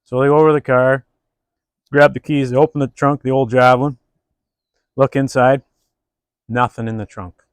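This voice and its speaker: A man hosts a laid-back beer review and tells a joke. He talks at a middling pitch with an easy, halting delivery full of fillers. His voice is dry and close to the mic. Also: level tone, smooth, no room sound. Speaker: host.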